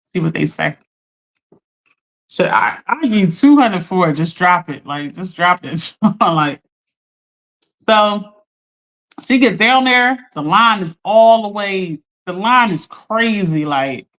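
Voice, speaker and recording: A woman hosting a live stream, telling a story in an animated, chatty way, talking straight to her viewers and laughing often. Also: mid-range voice, slow pace, pauses often. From Philadelphia. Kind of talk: casual storytelling to a live audience.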